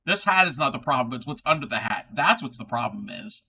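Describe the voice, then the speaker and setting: Bright-voiced chatty male streamer. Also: medium pitch, lively intonation, a little fast, vocal fry, breathy edge, low-quality recording. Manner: chatty, reads chat aloud, laughs often. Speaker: streamer crocheting live. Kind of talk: casual livestream chat.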